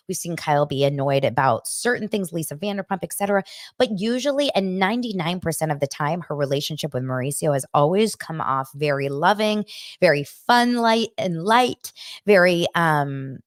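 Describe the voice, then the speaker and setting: A woman hosting a podcast, chatting in a gossipy, animated way as she recaps a reality show. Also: fairly low pitch, no room sound, studio quality. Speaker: podcast host.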